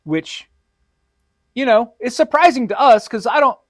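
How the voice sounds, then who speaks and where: Brief: male co-host with a high voice, wry comic retailer, dry close sound. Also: lively intonation, unhurried, no room sound. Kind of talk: casual podcast chat.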